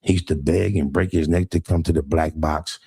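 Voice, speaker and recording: A man's voice: a bass voice, fairly even intonation, fairly quick, mellow, husky, no room sound. A man, ranting on a livestream to his viewers. He talks in streetwise slang, mocks and taunts, and slips into sing-song rhyming jabs. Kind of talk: heated livestream rant.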